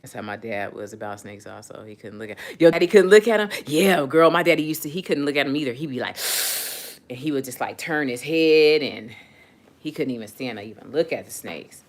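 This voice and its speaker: This is an easygoing storyteller in a casual live audio chat. The voice sits at a middle pitch and wanders from one story to the next, full of fillers, restarts and asides to listeners. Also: fairly quick, slight background noise. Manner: rambling, with many fillers and restarts. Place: lives in San Diego.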